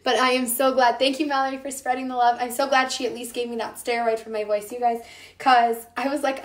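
A woman's voice: fairly high pitch, fairly even intonation, quick pace, roomy sound. A young woman from the Midwest hosting a casual cooking live stream, chatting with viewers while her voice recovers from an illness. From American Midwest. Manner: chatty, addresses viewers by name.

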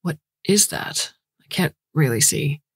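A proud young male meteorologist with a flippant, faintly mocking edge, done by a woman reading the story aloud. His voice sits low and a little husky, recorded close and dry in the manner of a storybook audio reading. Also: lively intonation, unhurried, dry recording, full character voice. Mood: puzzled. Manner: flippant, mocking toward the bird.

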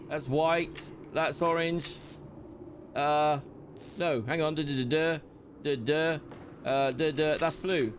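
A man giving excitable, frantic running commentary while he plays a video game. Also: fairly high pitch, noisy background. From United Kingdom. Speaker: gaming commentator. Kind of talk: live gameplay commentary. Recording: loud game audio under voice. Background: loud game sounds.

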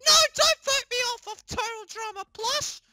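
Plush toy, squeaky bright little voice, hoarse and panicky, dry sound, faint music behind. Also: normal speed, no echo, full character voice. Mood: chatty. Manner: shrieking, frantic yelling while playing. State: hoarse after an illness. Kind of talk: gaming comedy voice acting.

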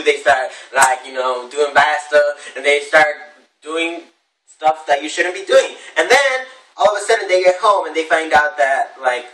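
Animated man vlogging in an echoey room. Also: on the high side. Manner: animated, acts out voices of others. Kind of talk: casual advice vlog. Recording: echoey room, distant from mic, faint noise.

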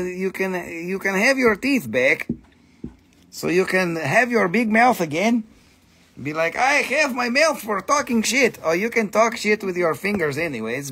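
A tired man hosting a late-night live crystal sale, joking and swearing in loose, non-native English as he pitches each piece. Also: husky. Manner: playful, joking and profane, with non-native phrasing; animated, jumps between teasing and pitching. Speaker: crystal seller hosting a live sales stream. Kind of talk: casual live sales chatter.

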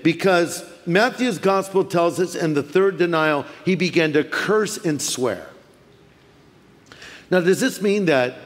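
A man preaching in a large church auditorium, his voice carrying a long hall reverb. He talks in a lively, storytelling way, slipping into funny voices, with a slightly high tone for a man. He has a light Californian accent. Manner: animated, acts out quoted voices with humor. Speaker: pastor. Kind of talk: sermon.

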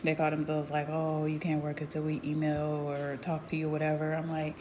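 A woman's voice: deep voice, monotone, fairly quick, background noise. Emphatic woman telling a storytime. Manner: emphatic, punctuates points with "period"; swings from hushed asides to loud bursts. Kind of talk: casual storytime chat.

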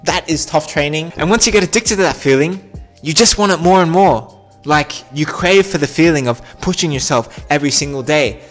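A man hosting a football training vlog, talking to camera with animated energy that builds as he gets worked up. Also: on the high side, fairly quick, soft background music. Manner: animated, builds up intensity when pumped. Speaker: football channel host.

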